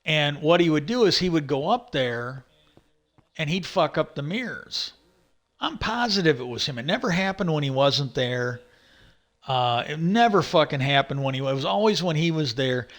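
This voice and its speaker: A man's voice: a little high, lively intonation, moderate pace, fairly bright tone. A man telling a long work story in a casual, rambling monologue, swearing often and repeating "I go" as he retells what he said.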